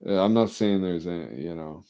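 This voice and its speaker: Man, very low voice, gravelly, rambling casual talk, swearing. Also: expressive, fairly quick, warm tone. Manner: rambling, repeats words, swears. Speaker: casual talker.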